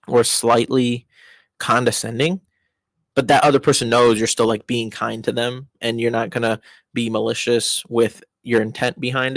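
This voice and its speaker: A young man giving casual advice in a rambling monologue, full of restarts and fillers, with his voice jumping up in pitch for emphasis. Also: vocal fry, a bit bright, no room sound.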